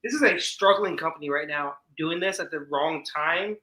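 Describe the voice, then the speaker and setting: Man, very bright tense voice, stumbling restarts, casual stream talk. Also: fairly high pitch, moderate pace, roomy sound, rough recording. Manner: hesitant, repeats words. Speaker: livestream co-host. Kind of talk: casual chat.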